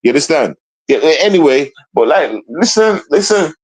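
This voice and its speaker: A man's voice: a little high, sing-song, moderate pace, husky, poor audio. A man hosting a livestream, talking in a rambling, heated way, swearing and repeating himself. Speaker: livestream host.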